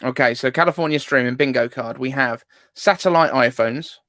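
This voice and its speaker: A man's voice: medium pitch, normal speed, pushed and bright, dry recording. A man guesting on a tech livestream, joking with dry humor. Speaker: guest YouTuber. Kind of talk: casual tech chat.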